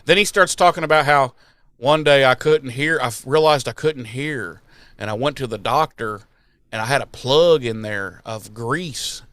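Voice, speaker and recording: A man hosting a podcast, casually retelling an episode with animated mocking voices for the characters and plenty of swearing. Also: medium pitch, normal speed, no room sound. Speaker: podcast host.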